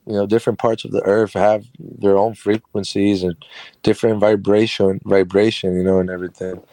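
A man's voice: lowish voice, flat delivery, brisk, warm tone, dry recording. A man who runs a carpentry business, telling a personal story as an interview guest in a chatty, rambling way with frequent laughs.

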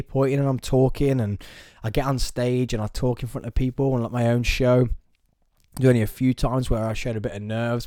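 A young man talking alone to camera in a small studio, telling stories in a chatty, animated way. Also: fairly low pitch, no echo. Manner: chatty and animated, playful storyteller. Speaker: podcast host. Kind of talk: casual solo vlog to camera.

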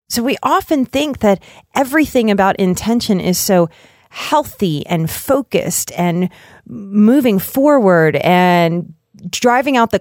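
A middle-aged woman hosts a reflective self-care talk, speaking earnestly and gently. She builds her points in rhythmic lists of short phrases. Her voice sounds dry and close, with no room around it. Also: medium pitch, no room sound. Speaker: podcast host.

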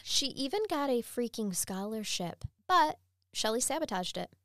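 A woman's voice: fairly high pitch, animated, moderate pace, a bit bright, no room sound, clean studio sound. Blunt woman telling a true crime story. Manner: blunt, swears freely. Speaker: podcast host.

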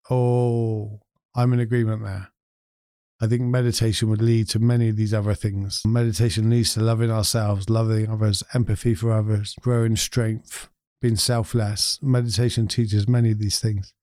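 Mellow-voiced man musing over viewer comments. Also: medium pitch, no echo, studio quality. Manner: reflective, chuckles often. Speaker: host reading viewer comments. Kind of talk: casual chat reading comments aloud.

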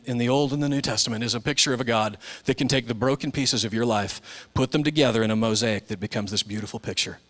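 Casting: male pastor, forties, lively sermon delivery with big swings from hushed to loud high voices. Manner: animated, swings from soft and low to loud high-pitched impressions. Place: church.

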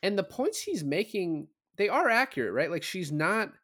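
A man's voice: sits high, sing-song, normal speed, fairly bright tone. A man co-hosting a film podcast, retelling scenes in a loose, casual way with lots of fillers and the odd swear word. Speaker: podcast co-host. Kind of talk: casual chat.

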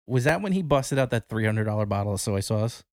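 A man's voice: fairly low pitch, expressive, brisk, no room sound, studio quality. A man co-hosting a podcast in a laid-back, joking chat. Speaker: podcast co-host. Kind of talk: casual chat.

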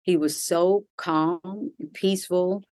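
A woman, an actress, answering interview questions in an animated way, laughing and using many fillers. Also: fairly low pitch, takes it slowly, dry recording. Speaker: actress guest.

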